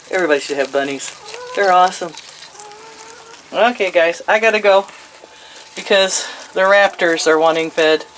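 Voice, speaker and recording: A woman's voice: lowish voice, noisy background. An older woman chatting outdoors to her chickens and rabbits, cooing in sing-song baby talk and laughing often. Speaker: vlogger. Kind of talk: casual chat to pets.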